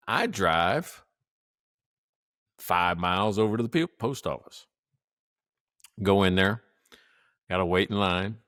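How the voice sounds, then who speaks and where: A man co-hosting a podcast, telling a story in a casual, animated way, acting out what people said and laughing often. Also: on the low side, dry recording, studio quality. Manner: animated, acts out quotes, laughs often, swears. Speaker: podcast co-host.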